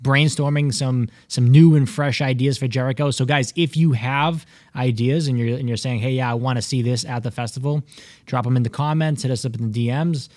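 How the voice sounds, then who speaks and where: A man from New England co-hosts a casual talk show and speaks in a steady, promotional way. He asks viewers to comment and share their ideas. His voice sits in a middle pitch, recorded close and dry. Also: a little fast, dry recording. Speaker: co-host.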